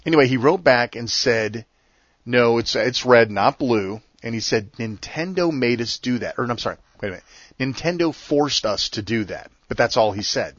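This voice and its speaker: A middle-aged man hosting a show, telling a story in a casual, animated, ranting way. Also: mid-range voice, moderate pace, no room sound. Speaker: podcast host. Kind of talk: casual monologue. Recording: dull lo-fi sound.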